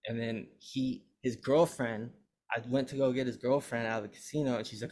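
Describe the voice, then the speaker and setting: A man's voice: mid-range voice, fast. A young man, a podcast host, telling a long story in casual chat, rambling and cursing as he acts out what others said. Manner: rambling, profane, animated retelling.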